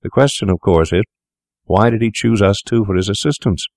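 A man's voice: on the low side, brisk, darkish tone, no room sound, studio quality, natural voice. A man voicing a clever, unscrupulous young doctor who speaks coolly and sneers at scruples. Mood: sneering. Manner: cool, sneering, worldly.

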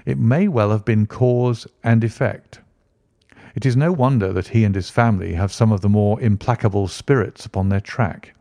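A keen Victorian detective who talks in precise, measured turns, his voice lifted a touch above the reader's own low tone, as a man puts him on. The read is dry and close, with no room around it. He comes across as a sharp mind working through a case aloud. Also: no room sound, lightly acted. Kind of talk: audiobook character reading.

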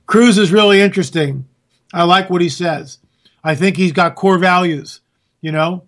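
High-voiced ranting male commentator. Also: normal speed. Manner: sarcastic, ranting, rising to near-shouts. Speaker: political commentator. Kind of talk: monologue commentary.

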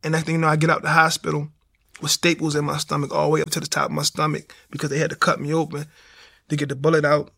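Gravelly man telling his story. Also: fairly high pitch, completely flat delivery, fast, fairly bright tone. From Baltimore, USA. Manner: storytelling with acted-out dialogue. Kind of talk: personal testimony.

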